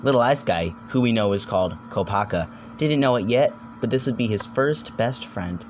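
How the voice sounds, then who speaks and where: A man's voice: mid-range voice, expressive, slight background noise. Rambling jokey young man. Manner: rambling, jokey, swears, quick silly voices. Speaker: video essayist. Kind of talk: casual comedic video essay narration.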